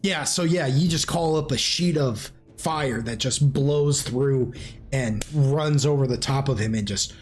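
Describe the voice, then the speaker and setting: A man's voice: medium pitch, measured pace, faint music behind. A man running a tabletop game as game master, telling stories in a loose, rambling way and laughing often. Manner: animated, rambling storyteller who laughs often.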